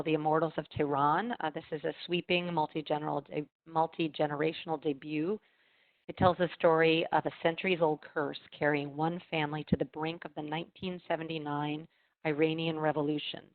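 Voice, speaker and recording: A woman with a low voice talks through book picks in a relaxed chat, filling pauses with ums and uhs. The sound is dry and tinny, like a video call. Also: no room sound. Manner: reads blurbs with frequent ums and uhs. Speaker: library marketing host. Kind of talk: casual book recommendation chat.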